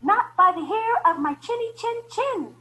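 A woman voicing little storybook pigs with high, squealing refusals. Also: lively intonation, a little slow, pushed and bright, a little hiss or hum, full character voice. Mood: defiant. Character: small frightened little pigs, defiant.

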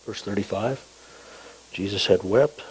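A man preaching a sermon as pastor, reading scripture aloud with slow emphasis and dropping in light, humorous asides. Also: on the low side, darkish tone, slight background noise, low-quality recording.

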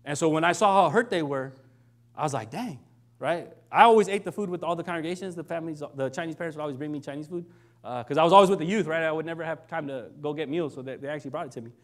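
A man's voice: fairly high pitch, very fast. A young adult man giving a conversational sermon as a minister, often checking in with "right?" and acting out quoted lines. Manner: conversational, keeps asking "right?"; acts out quoted lines in shifting voices.

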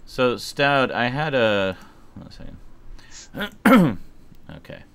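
A man's voice: medium pitch, big pitch swings, extremely slow, gravelly, fairly bright tone, clean tone. A man streaming a horror game, chatting casually and jokingly with friends on a call, swearing now and then. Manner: jokey, loose, swears casually. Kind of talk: casual live-stream chat.

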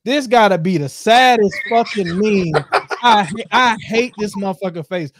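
Podcast host, male, animated profane rants, slightly high voice, dry room. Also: normal speed, dry recording. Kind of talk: casual podcast chat.

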